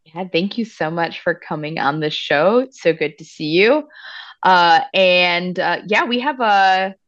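A woman's voice: fairly low pitch, a little slow, no room sound, muffled recording. A woman co-hosting a podcast in casual chat, with a sing-song way of talking. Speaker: podcast co-host.

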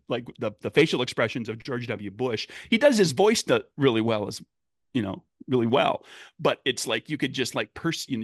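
A man's voice: medium pitch, no room sound, clean studio sound. A man chatting casually about tabletop game characters, rambling with many fillers and restarts. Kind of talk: casual podcast chat.

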